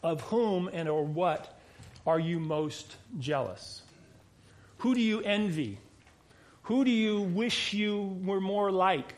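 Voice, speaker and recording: A pastor with a noticeably high voice, preaching a sermon. He talks through the passage in a loose, conversational way, stopping and restarting phrases and dropping in casual asides. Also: slow pace. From United States.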